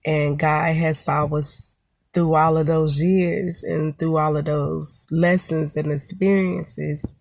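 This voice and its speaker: A woman's voice: low voice, little pitch movement, takes it slowly, gravelly, darkish tone, no echo. A woman in her thirties telling a personal story to her camera, reflective and full of "you know" and "um". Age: 30s. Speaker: mother and vlogger.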